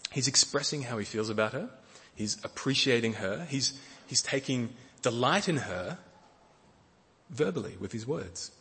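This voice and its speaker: A middle-aged man preaching a sermon in a gentle way, often repeating words and using fillers. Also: medium pitch, expressive, moderate pace, slightly rough. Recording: long hall reverb.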